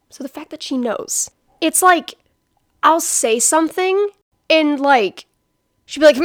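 A young woman co-hosting a podcast in casual chat, telling a story animatedly and acting out quotes loudly, with many fillers and swearing. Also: sits high, lively intonation, moderate pace, pauses often, dry recording, clean studio sound. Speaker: podcast co-host.

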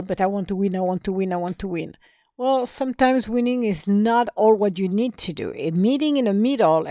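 A woman's voice: mid-range voice, no echo, studio quality. A woman talking casually and animatedly, giving life advice, often acting out bits of dialogue, with some non-native phrasing. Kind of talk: casual motivational monologue.

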